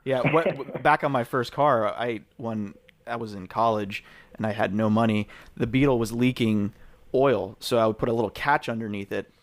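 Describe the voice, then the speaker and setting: A man's voice: medium pitch, moderate pace, no room sound. A man appearing as a guest on a podcast, telling casual stories about his cars. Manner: storytelling, easygoing. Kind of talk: casual car chat.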